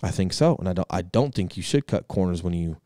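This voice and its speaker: Male podcast co-host, 30s, rapid and energetic, cusses for emphasis, deep voice. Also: dry recording, studio quality. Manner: energetic, emphatic, swears freely. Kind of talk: casual podcast chat.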